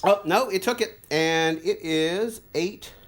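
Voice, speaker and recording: A middle-aged vlogger excitedly setting up an old home computer, thinking aloud and tripping over words with delight. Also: medium pitch, takes it slowly. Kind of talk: casual unboxing and setup commentary.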